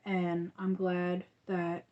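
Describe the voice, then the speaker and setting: A woman chats casually on a livestream, her voice mellow and warm. She rambles and restarts with plenty of fillers. The stream audio sounds dull and lo-fi. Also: lowish voice, completely flat delivery, drawn-out words. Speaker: crochet channel host.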